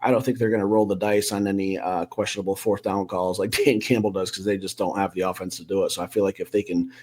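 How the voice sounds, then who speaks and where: A man's voice: low-pitched, level tone, fast, darkish tone, breathy edge. A man co-hosting a casual sports podcast, rambling through football predictions with a few self-corrections. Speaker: co-host.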